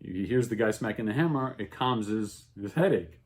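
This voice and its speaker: A man teaching an informal religious class, telling stories with growing excitement and checking in with "okay?" and "right?" all the time. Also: fairly low pitch, normal speed. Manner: animated storytelling, voice rising with excitement. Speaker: Torah teacher.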